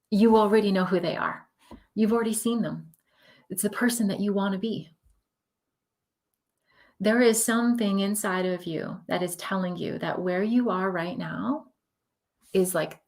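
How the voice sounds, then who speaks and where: She's a woman doing a live tarot reading, gushing and emotional, pours out encouragement, voice sits right in the middle, mic feels like a webcam or phone. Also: mid-range voice. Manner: effusive, emotional, affirming. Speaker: spiritual tarot reader.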